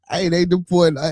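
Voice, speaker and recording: Chicago man, livestream host, casual cursing banter, gravelly, dry booth sound. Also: mid-range voice, mellow, no echo. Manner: loose, profane, joking banter with frequent filler. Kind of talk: casual livestream chat reading out chat comments.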